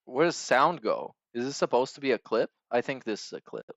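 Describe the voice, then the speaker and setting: A man's voice: medium pitch, big pitch swings, brisk, vocal fry, no room sound, dull audio. A man hosting a podcast, giving crude, sarcastic reaction commentary on stream clips.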